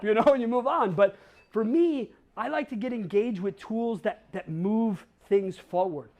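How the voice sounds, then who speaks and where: A man's voice: sits high, animated, moderate pace, a little mellow. A man in his forties from Chicago giving a talk to a crowd, brash and blunt, firing off rhetorical questions and slang. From Chicago, USA. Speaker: conference speaker. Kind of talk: energetic storytelling talk.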